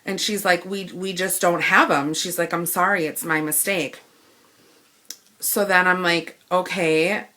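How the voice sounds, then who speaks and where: A woman tells a long customer-service grievance straight to camera. Her voice is bright and forward. She keeps slipping into the quoted lines, playing herself and the store clerk in turn. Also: lowish voice, measured pace. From Wisconsin. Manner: animated retelling, acting out both sides of the dialogue. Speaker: vlogger. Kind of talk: ranting story to camera.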